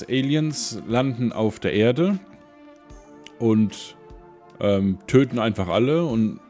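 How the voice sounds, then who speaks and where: Mellow man musing through a game. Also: on the low side. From Germany. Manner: relaxed, musing to himself. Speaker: let's play streamer. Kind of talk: casual gameplay commentary.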